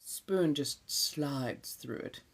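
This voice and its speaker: A woman ASMR streamer with a Californian accent chats casually on a live stream, laid-back and swearing freely, sometimes slipping into soft whispers. Her voice is deep and gravelly, and she draws out her words.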